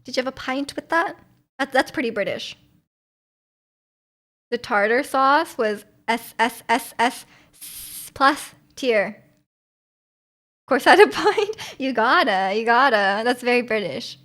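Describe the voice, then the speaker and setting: A woman's voice: on the high side, expressive, unhurried, long pauses, a bit bright. A woman, from Vancouver, chatting casually with her stream viewers in a rambling, giggly way full of fillers. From Vancouver, Canada.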